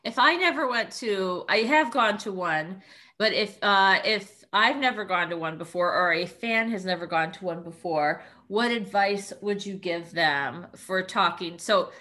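A young adult woman co-hosting a podcast, chatting casually and telling stories in an animated way. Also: mid-range voice, unhurried. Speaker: podcast co-host.

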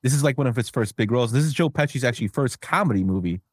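A man's voice: medium pitch, lively intonation, very fast, breathy edge, no echo, studio quality. A man hosting a podcast, chatting casually and rambling with filler words. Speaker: podcast host. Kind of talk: casual chat.

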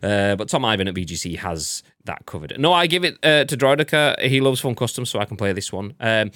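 A man's voice: on the low side, lively intonation, brisk, pushed and bright, dry recording, studio quality. A man hosting a gaming news podcast in casual, joking chat, swearing freely as he reads out the news. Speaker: podcast host.

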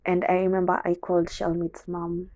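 Young kenyan woman, low husky voice, dry close sound, just talking honestly about her past. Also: completely flat delivery, normal speed, darkish tone, dry recording, poor audio. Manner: candid, code-switching into Swahili. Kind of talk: confessional personal storytelling.

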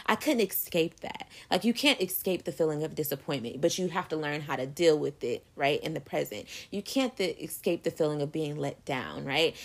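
A woman's voice: sits low, creaky. A young woman talking candidly and emphatically in a casual motivational monologue, swearing freely and calling listeners "baby.".

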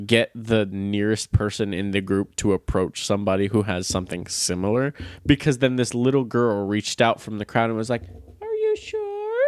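A man's voice: lowish voice, dry recording, clean studio sound. A young man co-hosting a podcast, telling stories in casual chat, laughing often and swearing freely. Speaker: podcast co-host.

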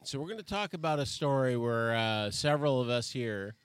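A man guest on a podcast, telling a story among friends in a relaxed way and laughing easily. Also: medium pitch, a little fast, clean tone, no room sound. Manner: laid-back, laughing. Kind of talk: casual storytelling.

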